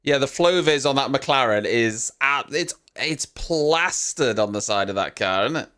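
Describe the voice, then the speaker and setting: A man's voice: medium pitch, lively intonation, measured pace, bright, forceful tone. A man hosting a live stream, giving casual reaction commentary with chatty, teasing banter and casual swearing.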